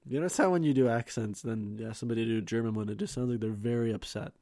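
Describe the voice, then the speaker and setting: A man's voice: mid-range voice, very fast, mellow, dry recording. A man co-hosting a comedy podcast, trading sarcastic jokes in casual chat. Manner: joking, sarcastic banter. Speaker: podcast co-host.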